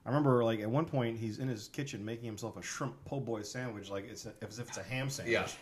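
A man co-hosting a podcast in casual chat, excitable and swearing for emphasis. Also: mid-range voice, quick pace. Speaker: podcast co-host.

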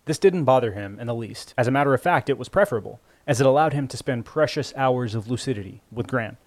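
A man narrating a story in a measured, even storytelling voice. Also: medium pitch, no echo. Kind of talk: scripted audiobook narration. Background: faint music score.

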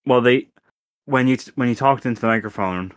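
A man's voice: mid-range voice, no echo. A man co-hosting a gaming podcast, chatting casually and often restarting his sentences. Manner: halting, many restarts and fillers. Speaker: podcast co-host. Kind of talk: casual chat.

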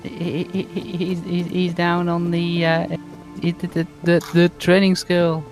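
A man's voice: high-pitched, monotone, measured pace, soft background music, voice pushed up. A man voicing a panicked young soldier lad who stammers over his words. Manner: frantic, stammering.

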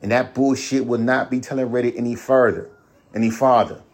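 A man's voice: medium pitch, little pitch movement, normal speed, darkish tone. A man hosting a podcast alone, ranting bluntly with heavy profanity and repeating himself. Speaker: podcast host. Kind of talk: solo ranting monologue.

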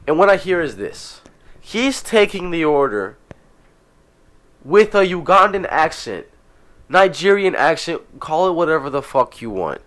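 A man's voice: on the high side, sing-song, unhurried, fairly bright tone. A young man co-hosting a podcast in casual chat, telling a profane story with stumbling restarts. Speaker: podcast co-host.

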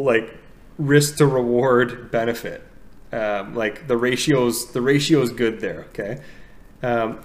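Man explaining casually. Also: medium pitch. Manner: explains step by step, tags points with "okay?". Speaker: podcast co-host.

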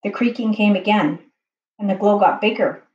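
A woman reading a children's book aloud slowly and carefully as the narrator. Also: medium pitch, a little mellow. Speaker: storyteller. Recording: dull, roomy home recording.

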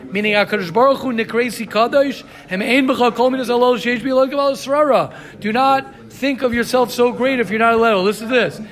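A man teaching a Talmud class who reads Hebrew lines aloud and then translates them, pausing to reassure his students. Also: very high voice, a bit bright. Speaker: Torah teacher.

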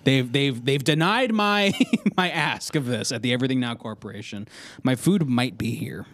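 A man chats casually as a podcast host, rambling and laughing often, with frequent restarts. His voice sits at an ordinary middle pitch. The sound is dry and close, with almost no room echo. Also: animated, moderate pace, fairly bright tone. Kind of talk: casual chat.

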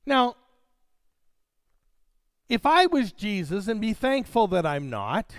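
A man's voice: high-pitched, very animated, slow, long pauses, dry recording. A man preaching a sermon, reading scripture dramatically and addressing his congregation directly.

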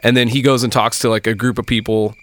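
Profane, animated man telling a bar story. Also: medium pitch, fast. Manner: profane, animated, acts out quoted voices. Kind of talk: casual storytelling chat.

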